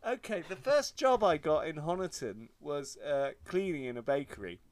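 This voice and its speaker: A man from England telling funny stories in a casual podcast chat, jokey and animated. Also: on the high side, normal speed. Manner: animated, jokey, mimics shrieks.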